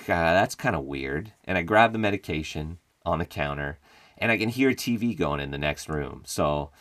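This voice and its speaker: A young man with a very deep, low-pitched voice tells a personal story in a loose, comedic way, swearing freely and chuckling at his own telling. His voice is recorded close and dry, with no room sound. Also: fairly bright tone, dry recording. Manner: profane, wry, laughs while telling.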